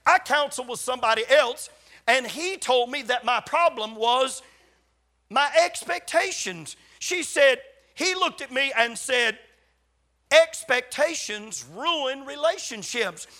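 A man's voice: extremely high pitch, animated, unhurried, bright, forceful tone. An older man, a pastor, preaching a sermon and telling stories, acting out quoted conversations with emphatic repetition. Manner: storytelling, acts out quoted dialogue with emphatic repetition.

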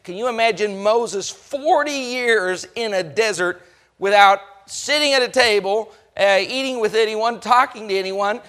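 A man preaching a sermon, telling stories folksy and emphatic, acting out the voices and rising to shouts. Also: high voice, measured pace. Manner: folksy storytelling with acted-out voices. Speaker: pastor.

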